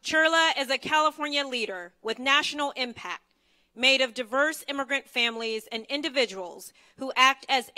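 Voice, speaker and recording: Woman emcee, high bright voice, measured and formal scripted intro. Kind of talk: read stage introduction. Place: conference stage.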